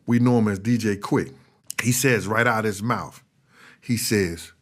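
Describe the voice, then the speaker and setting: Animated man telling a story. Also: measured pace. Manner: animated, acts out other people's lines with big jumps in pitch. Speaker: former bodyguard recounting events. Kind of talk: storytelling in an interview clip.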